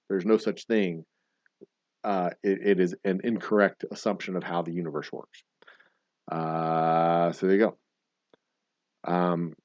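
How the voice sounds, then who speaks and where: A man's voice: fairly low pitch, no echo, muffled recording. A middle-aged man hosting a casual trivia livestream, rambling and swearing in mock-grumpy rants. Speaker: trivia game host.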